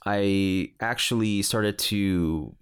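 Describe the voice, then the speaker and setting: A man's voice: fairly low pitch, very slow, smooth. A man casually telling a personal story on a podcast, rambling with many restarts and fillers.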